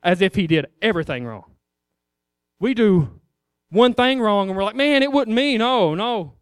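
High-voiced preacher asking questions. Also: male voice, expressive, a little slow, clean tone, dry recording, clean studio sound. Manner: conversational, rhetorical questions, addresses the congregation as guys. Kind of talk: informal sermon.

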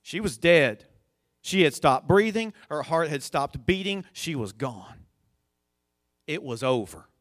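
A man preaching a sermon, slow and deliberate, building to emphatic high points as he retells a scripture story. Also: expressive, a bit bright, no room sound, clean studio sound.

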